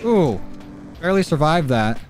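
A man giving gameplay commentary, excitable and self-mocking, laughing at his own misses. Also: fairly high pitch, moderate pace. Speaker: gaming YouTuber. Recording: game music and gunfire behind.

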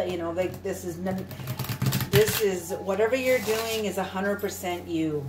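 A woman's voice: mid-range voice, normal speed, background noise. A woman giving an intuitive tarot reading, earnest and emphatic, repeating her points. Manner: earnest, repetitive, emphatic, occasional swearing. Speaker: tarot reader. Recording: roomy, distant mic with soft music.

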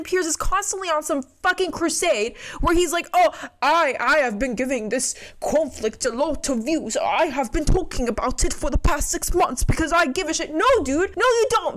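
A woman's voice: very high-pitched, a bit bright. A young woman reacting to a debate clip as a streamer, blunt, exasperated and profane. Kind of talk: heated reaction commentary.

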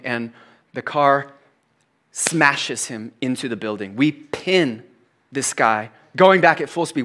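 A middle-aged man, probably a pastor, preaching a sermon, telling a personal story animatedly and dropping to hushed, confessional tones. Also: medium pitch.

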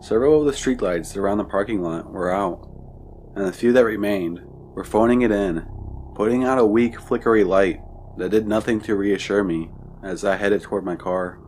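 Lower-voiced man narrating a scary story. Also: a little mellow, a little hiss or hum. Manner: measured, descriptive storytelling.

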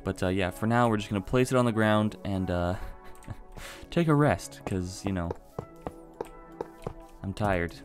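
A man giving casual let's-play commentary, excitable and chatty, talking to viewers while he plays. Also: fairly low pitch, measured pace, pauses often, faint music behind. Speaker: gaming video host.

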